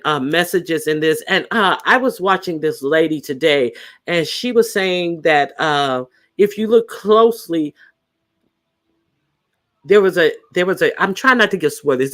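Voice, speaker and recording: A man's voice: fairly high pitch, fairly bright tone. A man hosting a live stream, chatting casually with viewers in a rambling way, full of fillers and restarts. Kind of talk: casual chat.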